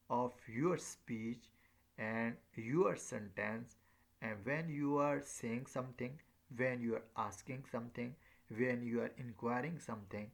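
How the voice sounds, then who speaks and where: A male lecturer talks at an unhurried crawl, stopping often on fillers and repeating words as he goes. Every so often he acts out short example phrases to show how tones rise and fall. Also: mid-range voice, gravelly, fairly bright tone. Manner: slow and halting, many fillers and repeats; demonstrates rising and falling tones on example phrases. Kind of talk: recorded lecture.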